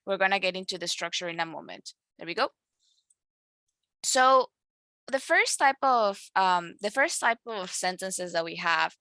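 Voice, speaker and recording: Woman teacher, bright dry voice, lots of "like" and "um" as she explains. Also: medium pitch, dry recording. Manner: explanatory, many fillers and self-corrections. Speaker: English teacher. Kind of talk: online grammar lesson.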